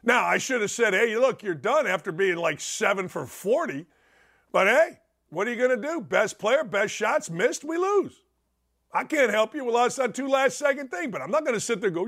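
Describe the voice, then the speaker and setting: A middle-aged male sports talk host with a notably high voice. He rants in a brash, combative, mocking tone. His pitch and loudness jump around as he goes. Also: animated, normal speed. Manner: wide swings in pitch and loudness. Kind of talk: opinionated sports radio rant.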